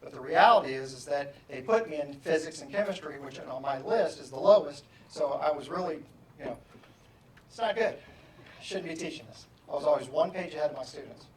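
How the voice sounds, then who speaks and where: A man giving a motivational keynote, telling a story with animated, self-mocking humor. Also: on the high side, brisk. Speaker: motivational speaker. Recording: echoey hall from far off.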